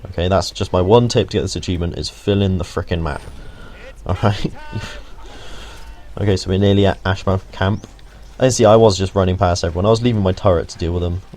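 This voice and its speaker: A man's voice: sits low, steady tone, fairly quick, darkish tone, a little hiss or hum. A young man giving a casual, jokey video game walkthrough, rambling into asides and swearing now and then. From United Kingdom. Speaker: gaming video host. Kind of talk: casual gameplay walkthrough commentary.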